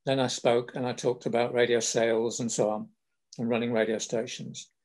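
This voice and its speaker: An older man with a southern English accent recalls his career in a chatty, anecdotal spoken memoir, punctuated by small laughs. His voice is medium-pitched and a little mellow, with a level tone and a normal speaking speed.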